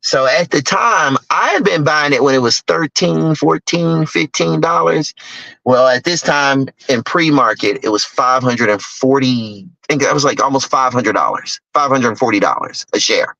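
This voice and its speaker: A man speaking as a guest, telling a personal story in an animated way and acting out other people's lines. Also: mid-range voice, normal speed, vocal fry, dry recording, rough recording. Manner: animated storyteller who acts out other people's lines in sharply raised voices. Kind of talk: personal storytelling on a talk stage.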